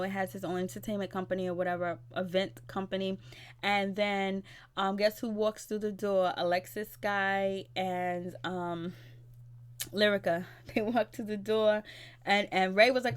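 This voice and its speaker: A woman's voice: medium pitch, little pitch movement, moderate pace. A woman vlogs a casual recap of a television episode, her voice sitting in a medium register. She retells the drama in a chatty, gossipy way, as if talking to a friend. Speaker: TV recap vlogger.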